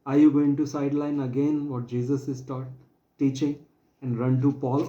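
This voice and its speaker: A man's voice: mid-range voice, flat delivery, moderate pace, warm tone, echoey room, dull audio. A man preaching a sermon in an earnest, pleading way, repeating himself and quoting scripture.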